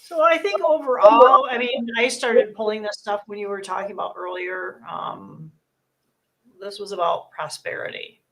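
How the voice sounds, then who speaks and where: A woman in mid pitch talks a guest through her oracle cards, earnest and reassuring. She circles back and restarts her phrases as she reads, in a relaxed conversational tone. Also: normal speed, gravelly. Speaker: host giving a card reading. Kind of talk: casual spiritual card reading.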